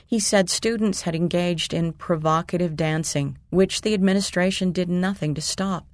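A woman from the USA, a mother, reading her own story aloud in an earnest, steady narration. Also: fairly low pitch, moderate pace, hardly any pauses, no echo, clean studio sound. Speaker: mother telling a personal story. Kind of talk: scripted narration.

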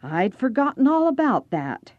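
A raspy, gruff old man , as a woman reader puts him on leans on each question with a sharp, suspicious edge and a lively rise and fall in his voice. The sound is close and dry. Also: on the high side, moderate pace, dry recording, phone-quality sound, pitched above the performer's own voice.

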